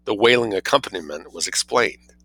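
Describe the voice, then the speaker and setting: A man reading a story aloud as audiobook narration, in an expressive, wry storytelling manner. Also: on the low side, brisk, no room sound, rough recording. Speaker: reader.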